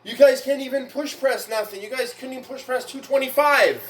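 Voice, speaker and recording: A fairly high-pitched man rants at his viewers in a casual vlog, boastful and taunting. The room is echoey, with a faint ambient hum behind him. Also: fairly quick, fairly bright tone. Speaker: weightlifting vlogger.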